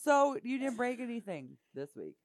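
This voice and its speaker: A woman's voice: a little high, big pitch swings, normal speed, dry recording. A frank, crude woman teases her friends in casual chat. Her voice rises and falls a lot. The recording is dry.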